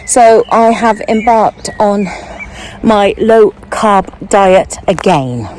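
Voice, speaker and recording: An older woman chatting casually as she walks outdoors, getting out of breath, and thinking aloud in an unhurried way. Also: medium pitch, darkish tone, a little hiss or hum, rough recording. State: out of breath while walking. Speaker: vlogger. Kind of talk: casual walking vlog. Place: outdoors, walking.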